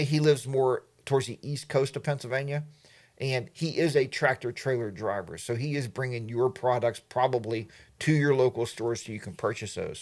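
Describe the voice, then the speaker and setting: A man hosting a casual livestream, reading viewer comments and rambling off topic. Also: medium pitch. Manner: rambling, admits he goes off topic. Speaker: livestream host.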